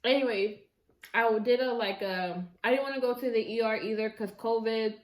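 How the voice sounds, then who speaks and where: Woman mukbang vlogger chatting and telling a story, kinda high voice, roomy echo at home. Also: moderate pace. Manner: chatty and expressive, slangy asides to viewers. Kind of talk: casual storytelling while eating. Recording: echoey room.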